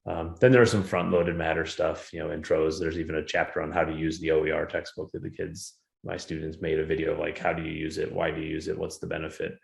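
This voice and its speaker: A man with a low, gravelly voice gives a relaxed, conversational talk to a conference audience. He speaks like an educator sharing his classroom experience. The sound has a noticeable room echo. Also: quick pace. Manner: conversational, animated when retelling anecdotes. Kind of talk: conference presentation. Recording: roomy echo.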